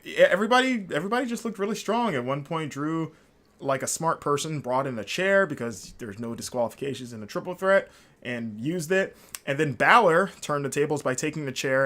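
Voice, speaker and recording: A man hosting a solo podcast, talking casually at a middle pitch. He rambles and restarts often, with plenty of fillers, and he sounds openly enthusiastic. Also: a bit bright. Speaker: podcast host.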